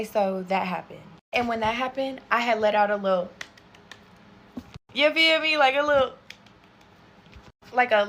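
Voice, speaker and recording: A woman telling a storytime to camera, swearing a lot, animated and calling her viewers y'all. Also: a little high, slight background noise. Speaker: content creator. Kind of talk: storytime vlog.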